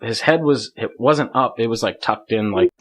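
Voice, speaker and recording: A man's voice: medium pitch, normal speed. A man as a podcast guest, telling a hunting story in casual conversation, laughing often and rambling with lots of filler words.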